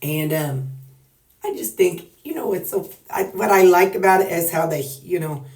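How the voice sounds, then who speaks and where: A woman's voice: fairly low pitch, lively intonation, moderate pace, vocal fry, darkish tone. Folksy Southern woman, roomy and distant. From Missouri. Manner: folksy, joking, rambling. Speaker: weight-loss vlogger. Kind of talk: casual chat to camera.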